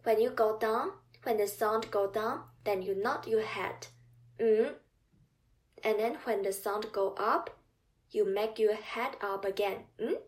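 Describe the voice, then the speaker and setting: Slow, patient Mandarin tutor woman. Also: mid-range voice. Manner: repeats drill sounds, prompts listener to repeat. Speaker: Mandarin tone teacher. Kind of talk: slow, patient language lesson.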